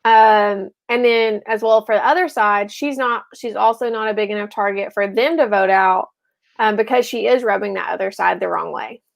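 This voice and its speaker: A woman co-hosting a casual live show, chatty and full of ums and quick laughs. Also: medium pitch, creaky. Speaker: co-host.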